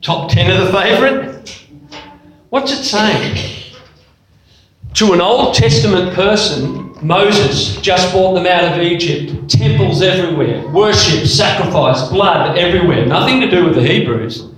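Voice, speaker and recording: A man preaching a sermon, emphatic and animated, throwing rhetorical questions at his congregation and dropping to quiet asides. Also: measured pace. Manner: animated and emphatic, swinging from loud exclamations to low, quiet asides. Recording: very echoey church hall.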